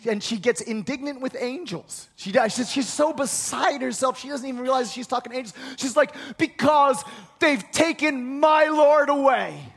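A man preaching a sermon, retelling a scripture story with lively acted-out quotes and frequent restarts. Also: high-pitched, husky. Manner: animated storytelling, acts out quoted voices, many restarts.

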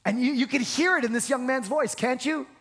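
A man's voice: extremely high pitch, brisk, a bit bright. A man preaching a sermon to a congregation, talking earnestly and often stumbling over repeated words. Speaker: pastor. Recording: reverberant large hall.

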